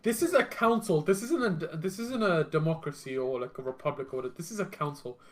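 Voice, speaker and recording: A man's voice: on the high side, animated, a little fast, crowd noise. A young man co-hosting a podcast, joking and teasing in casual banter with friends. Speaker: podcast co-host.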